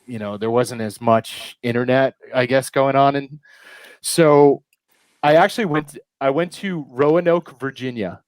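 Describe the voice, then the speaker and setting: A man's voice: mid-range voice, measured pace, dry recording. A man from New England hosting a live stream over a headset, telling rambling, profane stories in casual chat. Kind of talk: casual chat with swearing and anecdotes.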